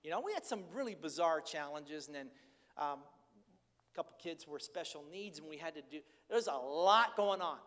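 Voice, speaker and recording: An older man preaching a conversational sermon as pastor, candid and animated as he tells stories. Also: fairly high pitch, normal speed. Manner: candid, chatty, animated storytelling. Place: church sanctuary. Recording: reverberant church hall.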